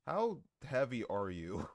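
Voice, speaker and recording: A man's voice: mid-range voice, wildly swooping pitch, takes it slowly, no room sound, studio quality. A man live-streaming who chats casually with his viewers, joking, swearing and laughing often.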